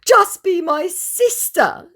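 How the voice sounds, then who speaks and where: A woman's voice: very high voice, expressive, slow, fairly bright tone, pitched above the performer's own voice, exaggerated voice. A woman voicing a pleading young male online scammer who wheedles and begs.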